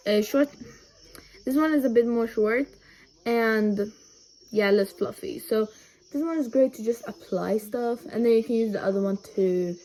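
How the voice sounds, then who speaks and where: At home, a young woman vlogs a casual makeup tutorial, rambling and chatty, full of ums and side remarks. A phone camera set low records her.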